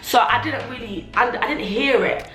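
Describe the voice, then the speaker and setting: Bright chatty woman vlogger. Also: on the high side, moderate pace. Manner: chatty, filler-heavy, acts out remembered remarks. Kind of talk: casual confessional vlog. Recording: roomy echo, faint music.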